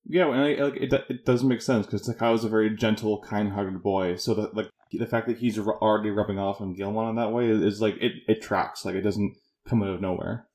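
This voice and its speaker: Easygoing low-voiced man laughing. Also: steady tone, fairly quick, few pauses, darkish tone. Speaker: podcast co-host. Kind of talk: casual chat.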